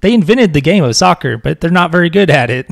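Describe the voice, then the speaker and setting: A man's voice: a little high, animated, quick pace, creaky, no room sound, studio quality. A young man co-hosting a podcast, chatting casually and joking, rambling with frequent laughs. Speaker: podcast co-host. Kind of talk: casual chat.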